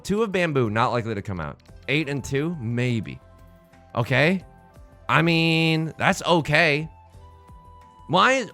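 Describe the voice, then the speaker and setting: A man hosting a let's play, giving excitable, jokey commentary full of exclamations as he plays. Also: on the high side. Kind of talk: live gameplay commentary.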